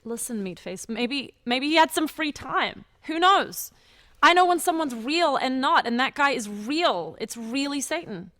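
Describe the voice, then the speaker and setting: A woman's voice: high-pitched, animated, measured pace, fairly bright tone, no echo. An actress playing a brash woman in the courtroom gallery, insistent.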